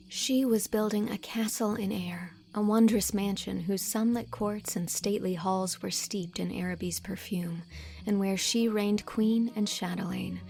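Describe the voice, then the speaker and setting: A woman narrating a classic novel as an audiobook, reading in an expressive, measured storytelling manner. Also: mid-range voice, creaky. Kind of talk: scripted narration.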